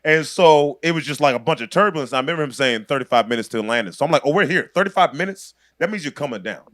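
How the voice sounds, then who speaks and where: A man's voice: fairly high pitch, lively intonation, quick pace, fairly bright tone, no echo, studio quality. A man in his thirties, a comedian guest on a podcast, telling a story with lots of energy, acting out the people in it and laughing as he goes. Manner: acts out other people's voices, laughs through the story.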